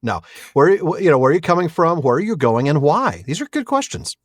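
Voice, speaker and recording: A man's voice: on the high side, sing-song, brisk, no echo, studio quality. A man co-hosting a podcast, discussing a book with enthusiasm and easy laughter. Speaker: podcast co-host.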